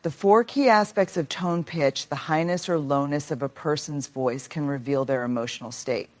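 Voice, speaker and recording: Low-pitched woman reading a motivational script, steady and explanatory. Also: normal speed.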